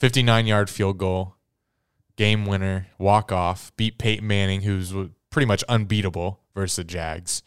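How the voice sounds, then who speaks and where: A man hosting a podcast in a fairly low, smooth voice, recorded dry on a studio mic. He recalls favorite moments with a fan's eagerness. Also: steady tone, moderate pace, dry recording. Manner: eager, fan-like recalling of games. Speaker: podcast host. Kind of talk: casual chat.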